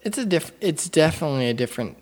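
A man's voice: a little high, lively intonation, fast. A young man chatting casually with friends, blunt and opinionated. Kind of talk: casual chat.

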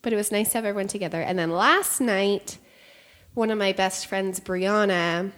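A woman's voice: mid-range voice, moderate pace, a bit bright. Young woman rambling through a story on a podcast, lots of "like", does little voices for the quotes. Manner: chatty storyteller, acts out quotes, many "like"s. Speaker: podcast co-host. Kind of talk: casual chat.

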